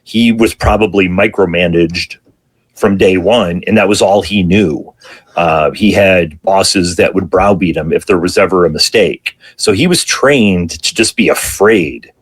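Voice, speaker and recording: Middle-aged man, fire captain guest, low voice, husky tone, reflective, pauses often. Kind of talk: storytelling interview answers.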